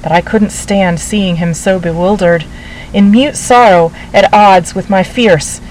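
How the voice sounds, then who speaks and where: Woman, story narrator, measured literary reading, mid-pitched voice, faint background hiss. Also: a little mellow, poor audio.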